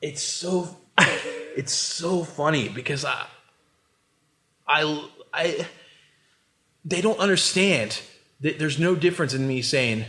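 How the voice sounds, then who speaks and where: A man's voice: on the high side, takes it slowly, pauses often, fairly bright tone. A man, a musician being interviewed in a recording studio, talking casually in an emphatic, profane, rambling way full of restarts. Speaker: musician guest.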